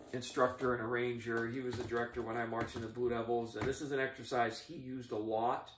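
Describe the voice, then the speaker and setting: Drumline instructor in an echoey room. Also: male voice, medium pitch, slight background noise. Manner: methodical, encouraging coaching. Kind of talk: instructional demonstration. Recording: echoey room, mic at a distance.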